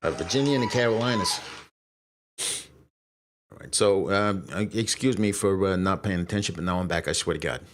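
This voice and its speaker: A man's voice: sits low, fast talker, hardly any pauses, slight background noise. A man hosting a casual live stream, rambling, swearing and apologizing as he loses his train of thought. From Brooklyn, New York. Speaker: streamer host.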